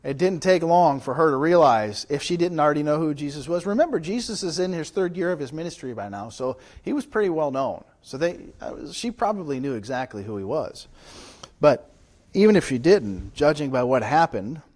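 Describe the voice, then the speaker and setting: A man's voice: fairly high pitch, lively intonation, a little fast, darkish tone. Conversational male pastor preaching. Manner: conversational, often asking rhetorical questions. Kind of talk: Bible study sermon. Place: church.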